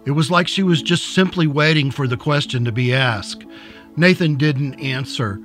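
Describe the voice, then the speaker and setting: A man narrating a story in an even, unhurried reading voice. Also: on the high side, soft background music. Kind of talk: audiobook reading.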